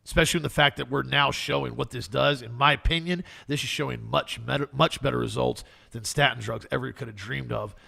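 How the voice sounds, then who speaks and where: A young man co-hosting a casual talk show, agreeable and quick to chime in. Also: mid-range voice, steady tone, vocal fry, sharp tone. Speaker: co-host.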